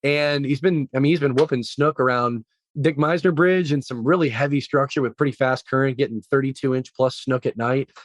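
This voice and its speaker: A man's voice: medium pitch, brisk, no room sound, clean studio sound. A man co-hosting a casual fishing podcast, explaining gear with enthusiasm and some rambling. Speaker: podcast co-host. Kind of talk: casual chat.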